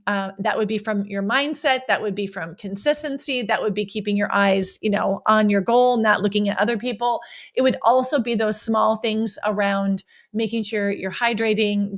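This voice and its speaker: A woman coach hosting her own podcast, talking casually with energetic, playful enthusiasm and a habit of tagging her points with a quick "right?". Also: medium pitch. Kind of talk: casual solo podcast monologue.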